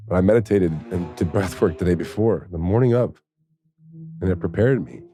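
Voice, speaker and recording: A man's voice: low voice, moderate pace, soft background music. A man, a former pro football player, tells a candid, profane personal story in a podcast interview, and he is tearful at times. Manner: candid and profane, with laughs and soft, choked passages.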